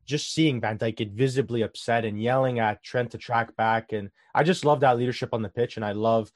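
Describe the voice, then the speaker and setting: A man co-hosting a casual football talk show, giving animated analysis with lots of "uh" and "um". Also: medium pitch, fairly quick, dry recording, studio quality. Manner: animated, filler-heavy analysis. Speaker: co-host.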